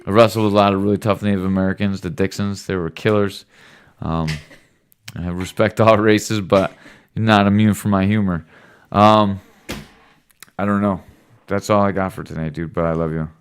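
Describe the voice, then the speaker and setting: A man's voice: lowish voice, steady tone, normal speed, a little hiss or hum. A man talking casually as a father hosting a home podcast with his son, teasing and joking with him. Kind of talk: casual late-night chat.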